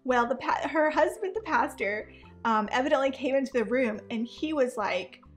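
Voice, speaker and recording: A woman in her thirties chats in a high, animated voice, reacting to memes in a casual vlog. She laughs often as she tells stories. Faint music plays in the background. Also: moderate pace. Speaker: vlogger, mom.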